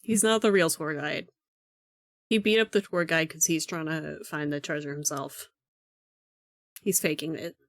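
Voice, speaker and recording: A woman's voice: deep voice, steady tone, unhurried, long pauses, dry recording. A woman streamer reading a visual novel aloud and commenting, amused and profane, laughing often.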